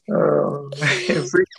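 A woman co-hosting a casual podcast, tossing in brief comments and laughs. She talks very slowly, and her pitch swings up and down with animation. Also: creaky, a bit bright, a little hiss or hum. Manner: chiming in with short laughing asides. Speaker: podcast co-host. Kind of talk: casual review chat.

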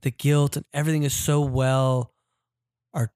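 A man's voice: mid-range voice, little pitch movement, normal speed, a little mellow, clean tone, dry recording, studio quality. A man co-hosting a podcast, chatting enthusiastically and often restarting his sentences. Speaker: podcast co-host. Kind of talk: casual chat about a comic book.

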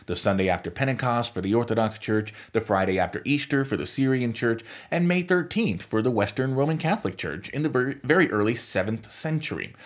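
A man's voice: mid-range voice, lively intonation, brisk, hardly any pauses. A man hosting a podcast, delivering scripted commentary with wry, sarcastic asides. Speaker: podcast host.

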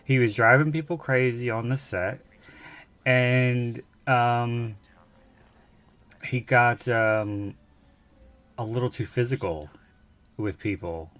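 A man's voice: medium pitch, takes it slowly, pauses often, a bit bright. A man co-hosting a film podcast, chatting casually and rambling with fillers and self-corrections. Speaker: podcast co-host.

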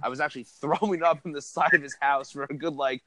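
A young man telling a wild story in casual chat, animated and profane, laughing as he goes. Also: on the high side, fast, no echo. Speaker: podcast host telling a story.

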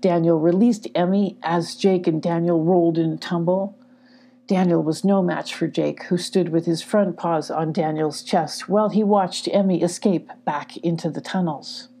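Woman reader for a children's audiobook, calm and even, mellow warm tone. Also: lowish voice, moderate pace. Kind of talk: children's storybook narration.

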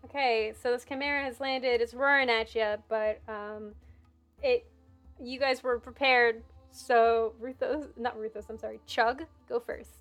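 A woman's voice: fairly high pitch, fairly even intonation, unhurried, fairly bright tone, faint music behind. A woman running a tabletop game as game master, narrating with lots of fillers. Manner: filler-heavy, rambling.

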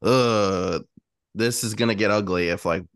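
A man's voice: fairly low pitch, a little slow, no echo, clean studio sound. A young man co-hosting a podcast, chatting casually and sometimes putting on a baby-talk voice. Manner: chatty, puts on baby talk for his dog. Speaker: podcast co-host. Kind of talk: casual chat.

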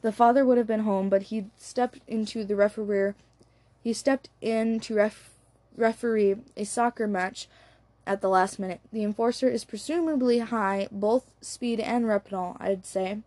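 A self-assured male analyst who explains his theory plainly and matter-of-factly, read by a woman. The tone is mellow and warm, and the recording is dry and close. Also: medium pitch, steady tone, normal speed, no echo, natural voice. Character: confident male crime analyst. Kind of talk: audiobook character reading.

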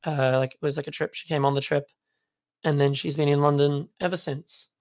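A man's voice: fairly high pitch, flat delivery, fairly quick, darkish tone. A young man, a guest in a casual chat, rambling with lots of fillers. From Australia. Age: young adult. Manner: rambling, filler-heavy, laid-back.

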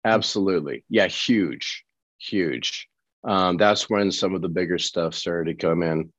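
A man from Colorado, a guest actor telling lively anecdotes in an interview and acting out the people he quotes. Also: low voice, measured pace, no echo. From Colorado, USA. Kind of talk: animated storytelling in an interview.

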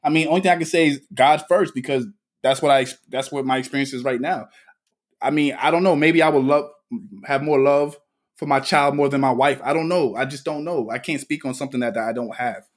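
A man in a casual podcast chat, hesitant and thinking out loud. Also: medium pitch, fairly even intonation, brisk.

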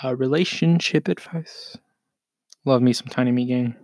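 Man co-host, mid-pitched, off-the-cuff and crude, reading posts aloud in a dry, close recording. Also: normal speed, a little mellow, no echo. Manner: loose, profane, jokey, laughs at himself. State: burping between sentences. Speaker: podcast co-host. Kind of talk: casual rambling chat, reading posts aloud.

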